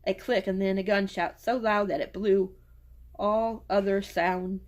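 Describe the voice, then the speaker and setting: A woman's voice: mid-range voice, fairly even intonation, a little slow. A woman book reviewer reading a novel aloud and retelling it in a casual way, stumbling and restarting over words.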